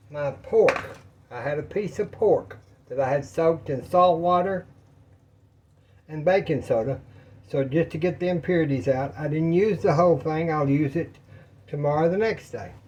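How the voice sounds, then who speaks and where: A man's voice: fairly high pitch, a little mellow, highs cut off, slight background noise. A man chatting casually and rambling to viewers while cooking in his home kitchen, a little out of breath. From Texas. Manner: folksy, rambling, talks to viewers as y'all. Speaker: cooking vlogger.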